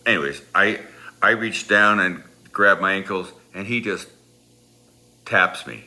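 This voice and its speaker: A man telling a funny true story from his school days in an animated way, laughing as he goes, with rambling restarts. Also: deep voice, unhurried. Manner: animated, laughs through the telling, acts out voices. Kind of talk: personal anecdote storytelling.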